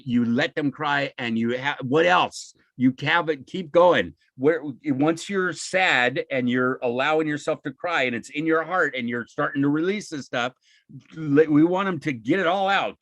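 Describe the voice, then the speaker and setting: A man's voice: a little high, a bit bright, no room sound. A man giving an informal, encouraging webinar talk over a video call, often acting out what people say. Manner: conversational, encouraging, acts out quoted speech.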